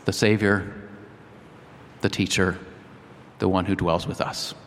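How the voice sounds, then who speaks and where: A man's voice: low-pitched, flat delivery, measured pace, a little hiss or hum. A man preaching a sermon, reading a story aloud and then appealing earnestly with rhythmic repetition. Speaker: pastor. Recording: long hall reverb.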